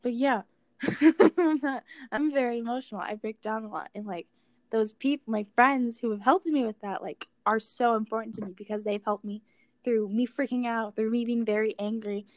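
A woman's voice: a little high, normal speed, dry recording, clean studio sound. A young woman chatting casually, rambling with many fillers and speaking frankly, with some swearing. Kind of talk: casual chat.

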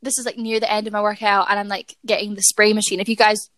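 A woman's voice: medium pitch, flat delivery, fast talker, a bit bright, no echo. A young woman tells a story in a casual podcast chat. She talks in a chatty, self-deprecating way, full of "like"s and restarts. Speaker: podcast co-host.

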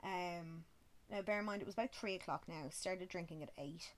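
Woman in her twenties, casual sweary storyteller with a slightly low voice. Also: moderate pace. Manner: chatty, swears freely, self-mocking. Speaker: vlogger.

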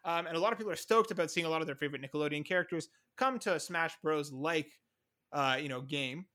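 Fast-talking, bright-voiced male podcast host. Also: on the high side. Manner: excitable, quick, swears casually. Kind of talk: casual chat.

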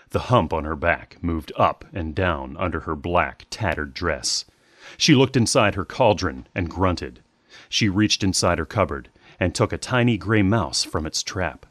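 A man narrating a dark story in a measured, descriptive reading. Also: low-pitched, dry recording, studio quality.

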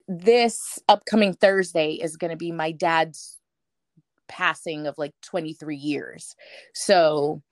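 A woman's voice: fairly low pitch, dry recording. Chatty woman in a dry room. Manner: animated, acts out quoted voices; frequent "like" fillers. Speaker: guest. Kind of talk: casual storytelling interview.

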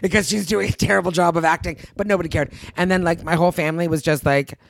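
A woman casually telling a family story, acting out relatives with bursts of high, put-on voices. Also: fairly even intonation, fast talker, creaky, dry recording. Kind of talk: casual chat.

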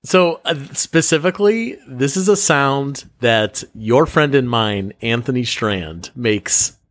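A man's voice: mid-range voice, animated, slow, faint music behind. A man guesting on a podcast, teasing the hosts and mimicking them in casual chat.

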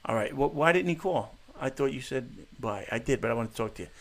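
A man's voice: medium pitch, expressive, quick pace, a bit bright. A man hosting a livestream call-in show, brash, profane and teasing with callers. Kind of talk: crude casual call-in banter.

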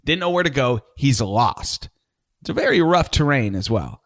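A man's voice: mid-range voice, sing-song, normal speed, fairly bright tone. A man co-hosting a casual chat show, joking and telling a story in a laid-back way. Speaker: podcast co-host.

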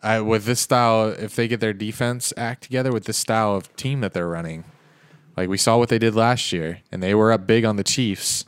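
Low-voiced man in a dry room. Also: steady tone, clear, resonant tone, dry recording. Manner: quick, joking, laughing. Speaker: podcast co-host. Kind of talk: casual sports chat.

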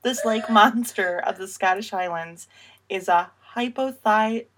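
A woman co-hosting a podcast in easy, casual chat. She sounds chatty and enthusiastic, laughs readily and speaks at a mid pitch. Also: unhurried, fairly bright tone. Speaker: podcast co-host.

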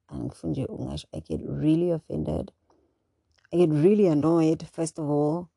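A young South African woman hosting her own show, talking in an animated, indignant monologue. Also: low-pitched, gravelly, slightly rough, no room sound. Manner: animated and indignant, mixing English with local words. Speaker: podcast host. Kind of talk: casual monologue.

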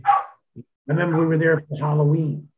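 A man's voice: fairly high pitch, flat delivery, normal speed, heavy background noise. A man telling stories in a casual chat, laid-back and profane, laughing often. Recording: tinny phone-like sound.

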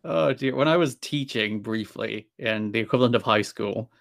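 A man's voice: fairly low pitch, normal speed, vocal fry. A man from Ireland with a light Irish accent, a podcast guest in casual chat with a dry, self-deprecating humor.

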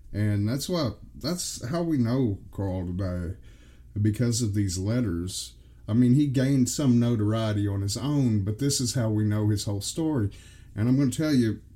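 A man's voice: mid-range voice, warm tone. A man co-hosting a casual podcast, exasperated and emphatic, swearing freely. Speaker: podcast co-host.

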